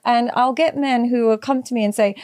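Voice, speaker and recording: A young woman therapist speaks quickly and emphatically on a podcast. Her voice sits a little high. The sound is dry and close, with no room around it. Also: fairly even intonation, a little mellow, smooth, dry recording. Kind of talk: casual podcast discussion.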